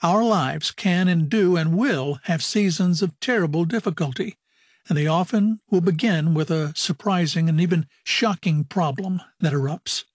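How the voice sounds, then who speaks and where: Husky announcer reading a script. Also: male voice, a little high, normal speed, dry recording, clean studio sound. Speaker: radio program announcer. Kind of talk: scripted broadcast outro.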